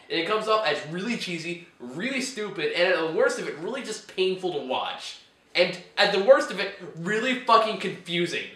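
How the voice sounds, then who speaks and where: A man's voice: high voice, pushed and bright, roomy sound. A man hosting a casual chat about bad movies, ranting in an exasperated way and laughing often. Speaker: host reviewing movies.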